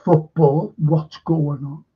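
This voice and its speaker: Scouse guy rambling about films on a stream, high-ish voice, talks slow, swears a lot. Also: steady tone, breathy edge. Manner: rambling, swears freely, repeats himself. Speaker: film and TV review host. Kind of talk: casual livestream chat reading viewer comments. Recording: dull lo-fi stream audio.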